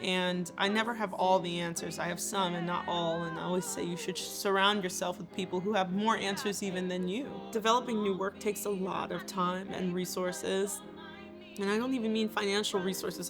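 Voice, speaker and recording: A woman's voice: fairly low pitch, gravelly. A woman composer and theater maker talking about her work in a thoughtful, earnest way. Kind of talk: reflective interview talk.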